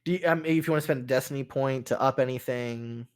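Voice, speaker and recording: A man's voice: mid-range voice, fast talker, smooth. A man narrating a tabletop role-playing game as game master, casual and rambling, with many fillers and restarts.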